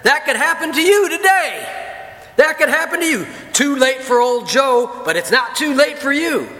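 A man voicing a fiery country preacher who shouts urgent warnings from the pulpit. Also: extremely high pitch, lively intonation, moderate pace, voice pushed up, heavily acted. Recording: long reverb of a church hall.

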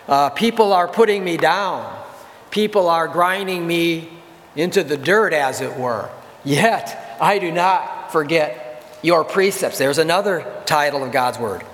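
A man preaching a sermon in a church, emphatic, slowing down to read scripture and repeating key phrases. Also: fairly high pitch, a bit bright. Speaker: pastor. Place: church sanctuary. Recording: church hall reverb.

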